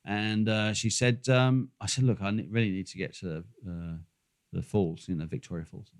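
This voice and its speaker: A man's voice: on the low side, steady tone, normal speed. An older man telling a long, rambling travel story in casual chat, swearing freely and full of fillers. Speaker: podcast co-host.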